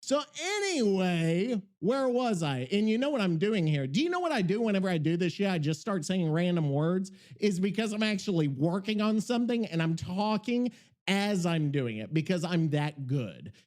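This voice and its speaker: High, lively-voiced profane podcast host. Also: male voice, normal speed. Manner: profane, scattered, self-interrupting, working while talking. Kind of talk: casual rambling podcast talk.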